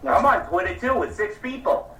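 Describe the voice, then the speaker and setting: A man co-hosting a radio talk show, joking and lively. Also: high-pitched, normal speed, reverberant, distant mic. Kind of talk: casual talk radio chat.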